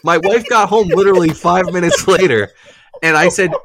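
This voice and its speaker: A man's voice: sits high, moderate pace, background noise. A man in his thirties, a podcast co-host and father, telling family stories in casual chat with plenty of laughter and swearing.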